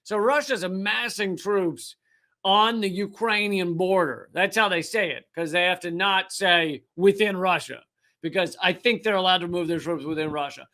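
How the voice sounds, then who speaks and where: A man's voice: sits high, normal speed, bright, forceful tone. A man hosting a political commentary show, ranting with profanity and sarcastic put-on voices. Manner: profane, sarcastic, mocking mimicry. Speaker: host.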